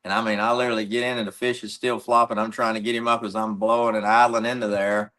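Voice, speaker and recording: Man, middle-aged, low voice, rambling storyteller, casual podcast chat. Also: flat delivery, fast talker, bright, forceful tone. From North Carolina. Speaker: pro angler guest.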